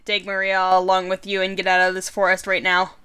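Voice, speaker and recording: A woman voicing a remorseful male wizard trapped in a box, reading his lines in a measured, solemn way. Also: mid-range voice, monotone, bright, forceful tone, clear, resonant tone, natural voice.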